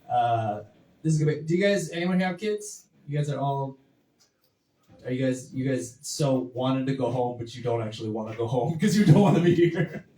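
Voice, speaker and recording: A man's voice: fairly high pitch, mellow. A man in his twenties doing a stand-up set, rambling through his bits with lots of fillers and acted-out quotes. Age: 20s. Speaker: stand-up comic. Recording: roomy, far from the mic.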